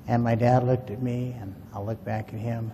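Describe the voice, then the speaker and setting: A man's voice: mid-range voice, little pitch movement, normal speed, long reverb tail, dull audio, noisy background. A man casually telling a rambling, folksy story about a past experience to a group of listeners. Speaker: UFO witness telling his story.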